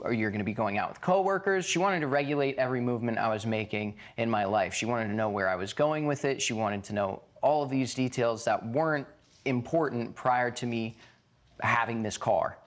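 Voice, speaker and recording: A man testifying as the plaintiff in a courtroom, recounting events haltingly with frequent fillers. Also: medium pitch. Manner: halting storytelling with many fillers. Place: courtroom set.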